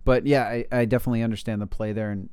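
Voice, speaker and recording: A man's voice: medium pitch, steady tone, racing, a little mellow, clear, resonant tone, no echo. A man in casual fantasy football chat, blunt and opinionated, stammering on restarts. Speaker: podcast co-host.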